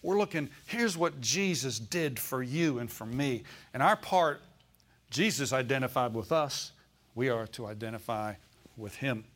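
A man preaching a sermon to his congregation in an easy, folksy way. His voice sits in a middle pitch, and he asks for amens and has the room repeat lines back to him. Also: animated, a little slow, fairly bright tone. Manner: preaching with call-and-response, folksy phrasing. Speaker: pastor.

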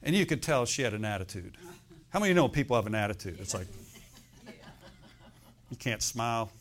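A man's voice: fairly low pitch, big pitch swings, fast talker. A middle-aged man preaching a sermon in a conversational way, often checking in with "okay?" and "amen?". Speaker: pastor.

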